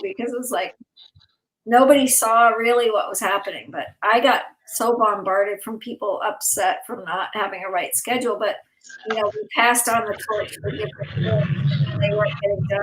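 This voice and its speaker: A woman's voice: on the high side, a bit bright, roomy sound, low-quality recording. A woman hosting a live online event, talking in a rambling, emotional way and laughing often, worn out and overtired. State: exhausted, overtired. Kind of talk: casual heartfelt chat.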